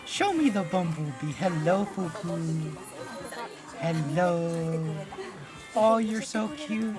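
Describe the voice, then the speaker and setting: A woman's voice: on the low side, lively intonation, takes it slowly. A woman streamer reacting casually to a video, gushing and cooing at dogs in baby talk. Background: music.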